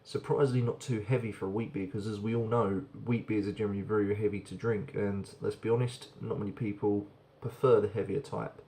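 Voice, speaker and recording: A man's voice: lowish voice, fairly even intonation, brisk, few pauses, warm tone, a little hiss or hum. A man casually reviewing a beer on camera, chatty and rambling, often repeating words as he goes.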